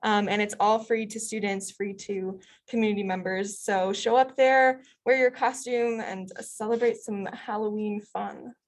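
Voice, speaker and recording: A woman's voice: medium pitch, steady tone, unhurried, few pauses. Upbeat woman hosting a town hall. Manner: upbeat, many ums. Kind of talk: casual announcements.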